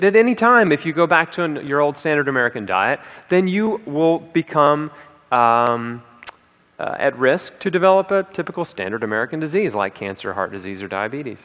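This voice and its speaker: A man at medium pitch with a slightly bright tone speaks at a conference in a reverberant hall. His motivational talk is emphatic, full of repeated key lines and check-ins like "okay?" and "right?".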